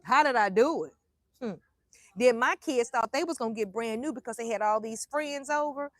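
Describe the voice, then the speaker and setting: An older woman, a grandmother telling animated stories in casual chat and acting out the quoted voices. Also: on the high side, normal speed, no room sound, clean studio sound.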